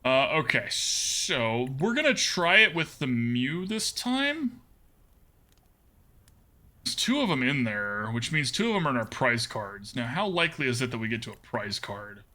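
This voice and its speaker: A man's voice: mid-range voice, big pitch swings, a little slow, pushed and bright. A man streaming a card game live, chatting casually with his viewers and laughing often. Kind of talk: live gameplay commentary.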